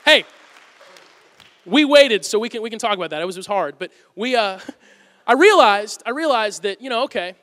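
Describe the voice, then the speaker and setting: A man's voice: high-pitched, animated, moderate pace, pauses often, sharp tone, long reverb tail, some chatter behind. A man in his thirties preaching a sermon to a congregation, telling stories about himself with humor. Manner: storytelling, self-deprecating humor with the congregation. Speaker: pastor.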